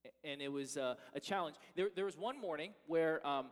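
A man preaching a sermon as pastor, telling a personal story with animated, self-mocking energy. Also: fairly high pitch, brisk. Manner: animated storytelling, acting out his own frustration. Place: church sanctuary. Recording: long reverb of a church hall.

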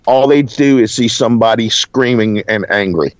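Southern male writer, animated chat, restarts a lot, muffled audio. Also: on the low side, moderate pace. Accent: Southern American. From American South. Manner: animated, rambling, frequent restarts. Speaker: writer, podcast co-host. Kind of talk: casual conversation.

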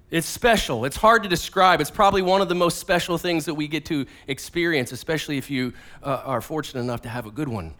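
A man in his forties preaching a casual sermon, telling family stories in a conversational, animated way with many fillers and restarts. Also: on the high side. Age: 40s. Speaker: pastor.

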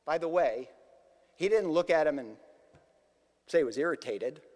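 A man preaching a sermon in a conversational, animated storytelling manner. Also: on the high side, moderate pace, big-room sound. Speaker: pastor.

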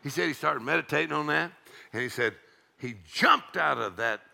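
A middle-aged man preaching a charismatic sermon, breaking into loud shouts and rhythmic laughter. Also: fairly high pitch, lively intonation, normal speed, gravelly.

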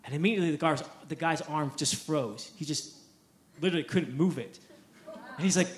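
Energetic male preacher in an echoey church. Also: on the high side, normal speed. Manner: energetic, repeats words, acts out quotes. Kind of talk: sermon storytelling.

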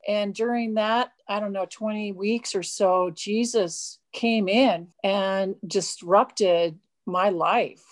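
A woman guest in an interview, telling her faith story in an earnest, emotional way. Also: medium pitch. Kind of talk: personal testimony in an interview.

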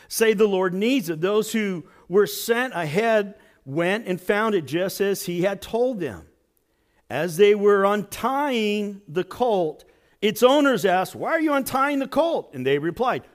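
A man preaching a sermon as pastor, dramatic, swinging from near-shouts to hushed asides. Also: high voice.

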